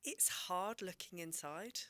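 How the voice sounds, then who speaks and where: A woman, a doctor guest on a podcast, speaking reflectively and candidly, sometimes dropping to a soft near-whisper. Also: on the low side, animated, slow, no room sound.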